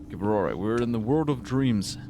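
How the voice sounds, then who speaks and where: A man's voice: lowish voice, expressive, brisk, background noise. A man streaming a game live, rambling and swearing freely as he comments. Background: game music.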